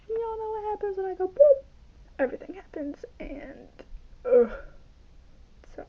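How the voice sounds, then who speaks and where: A woman's voice: sits high, very animated, moderate pace, long pauses. A young woman chatting in a rambling, self-mocking way while doing her hair and makeup for a phone video vlog. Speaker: vlogger. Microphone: phone camera. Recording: dull lo-fi phone recording.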